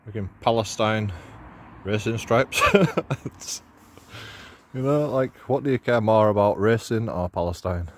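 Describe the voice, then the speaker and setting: A man's voice: mid-range voice, a little hiss or hum. A man, walking outdoors and giving mocking commentary to his phone camera while laughing at his own jokes. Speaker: vlogger. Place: outdoors on city streets.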